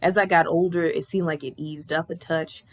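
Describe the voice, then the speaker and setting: A woman in her thirties telling a personal story on her vlog in a candid, animated way, swearing freely. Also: low-pitched, normal speed, slight background noise. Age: 30s. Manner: candid, profane, animated retelling. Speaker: vlogger.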